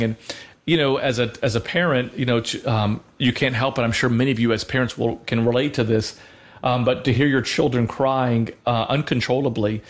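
A man with an ordinary middle-pitched voice speaks earnestly about faith on a talk show. He talks conversationally, pausing on fillers and restarting his sentences as he goes. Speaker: co-host of a Christian radio show.

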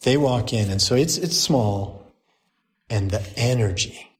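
A man in his forties, a priest, telling a story to a group in a lively way, laughing at his own anecdote. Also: mid-range voice, unhurried, a little hiss or hum.

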